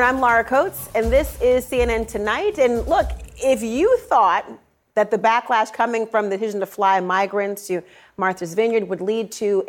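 Sarcastic middle-aged woman anchoring the news. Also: medium pitch. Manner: pointed and sarcastic, stretching key words. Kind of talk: evening news commentary.

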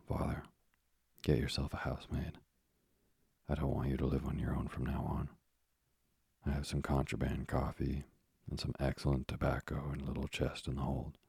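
A man's voice: extremely low pitch, creaky, darkish tone, breathy edge, dry recording, clean studio sound, heavily acted. A man voicing an earnest, generous young sailor son in a storybook reading.

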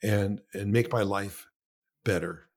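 A filmmaker talking in a casual conversation, animated and acting out quoted voices as he tells stories. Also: fairly low pitch, slow.

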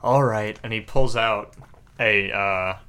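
A man narrating a tabletop game as game master in a relaxed, hesitant way. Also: on the low side, takes it slowly, smooth.

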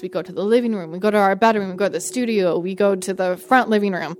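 A woman telling a personal story in a lively, conversational way, often saying "like" and acting out what people said. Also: mid-range voice, fast, a little hiss or hum. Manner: animated, frequent "like", acts out quoted dialogue. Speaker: guest storyteller. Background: faint music score.

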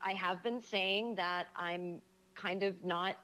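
A woman talking as a guest in a casual chat, reflective and frank, pausing and hesitating as she thinks aloud. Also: on the low side, fairly even intonation, pushed and bright. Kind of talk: casual conversation.

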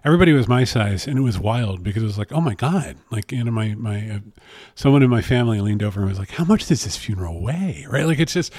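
A man sharing a personal story from his office in a relaxed, candid way, full of fillers and restarts. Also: lowish voice, quick pace, no room sound. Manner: chatty, self-deprecating, many fillers and restarts. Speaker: interview guest.

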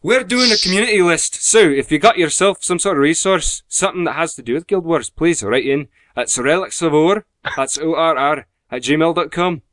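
A man's voice: a little high, moderate pace, a bit bright, no echo, studio quality, pitched above the performer's own voice, close to an everyday voice. A man playing a podcast host who reads announcements in a hammed-up, put-on Scottish accent, stumbling now and then. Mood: hammy.

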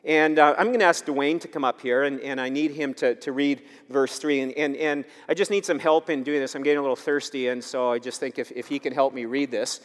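A male pastor preaching a sermon, emphatic and repetitive, swinging between loud urging and quiet asides. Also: medium pitch, fairly even intonation, a little fast, hardly any pauses. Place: church sanctuary. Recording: long hall reverb.

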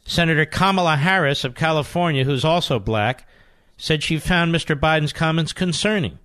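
On the high side and at a moderate pace, a male talk radio host reads the news into a studio microphone, interrupting with muttered asides. He's sarcastic and combative, alternating loud emphasis with mumbling, and there's no room sound.

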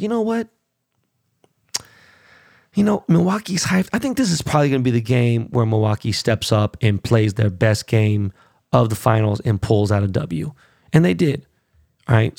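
Gravelly, profane podcast host man. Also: mid-range voice, darkish tone, no room sound, clean studio sound. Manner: profane, blunt, heated. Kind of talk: casual rant.

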